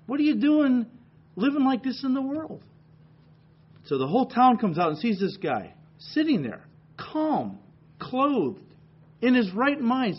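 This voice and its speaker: A man's voice: high-pitched, husky, lo-fi sound. A man preaching a sermon as pastor, building emphasis with rhetorical questions.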